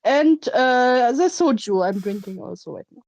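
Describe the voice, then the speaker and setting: High-voiced teasing woman, dry sound. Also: expressive, a little mellow, no echo. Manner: teasing, quick quips. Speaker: livestream co-host. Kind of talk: casual livestream chat.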